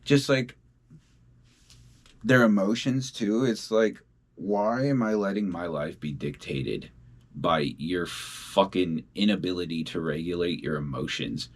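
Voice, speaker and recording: Young guy w a low voice, cussing nonstop, drawling slow. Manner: blunt and heavily profane. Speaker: independent musician. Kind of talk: casual video diary. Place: at home.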